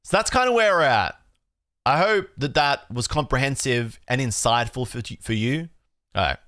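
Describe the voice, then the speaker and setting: A young Australian man chatting casually on a live stream, relaxed and talky, redoing his outro lines. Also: mid-range voice, moderate pace, no echo, studio quality. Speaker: streamer and card collecting host.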